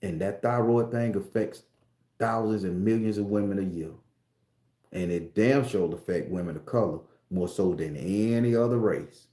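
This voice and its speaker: A man's voice: fairly low pitch, moderate pace, mellow. Profane rambling man in a roomy echo. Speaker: spiritual tarot reader vlogger. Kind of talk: casual rant to viewers.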